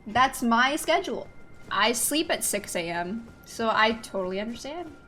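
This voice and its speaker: A woman's voice: on the high side, expressive, moderate pace, sharp tone. A young woman streaming a video game, chatting casually with her viewers, giggly and self-deprecating. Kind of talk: casual chat with viewers while gaming. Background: video game music.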